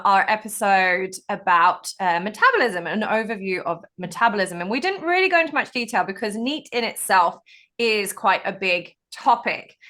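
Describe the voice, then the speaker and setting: A woman co-hosting a podcast over a video call, talking in a lively, self-deprecating way while she explains things. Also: medium pitch. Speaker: podcast co-host. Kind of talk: casual chat.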